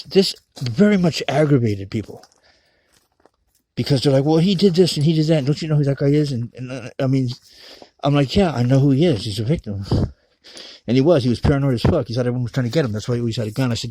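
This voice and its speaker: A man's voice: mid-range voice, dark tone. A man telling a rambling personal story in a casual, profane, emphatic way.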